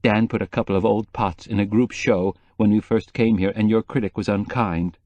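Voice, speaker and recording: A man doing a sharp-tongued, disdainful woman. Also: fairly low pitch, steady tone, normal speed, dry recording, close to an everyday voice. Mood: cutting. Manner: curt, disdainful. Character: sharp-tongued moody woman, a potter's wife.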